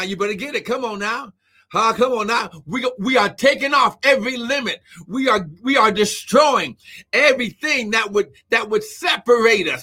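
Fervent high-voiced preacher, often shouting. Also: male voice. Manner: fervent, frequently shouting, repeats "come on now"; bursts of speaking in tongues. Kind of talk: live-streamed sermon.

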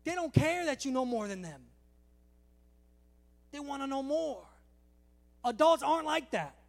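A man preaching a sermon, animated and storytelling, acting out little dialogues. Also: very high-pitched, measured pace, creaky. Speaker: pastor.

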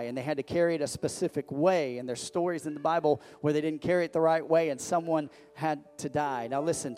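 A man's voice: a little high, a little mellow. Preaching man, conversational with emphatic rises. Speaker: pastor. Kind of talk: sermon.

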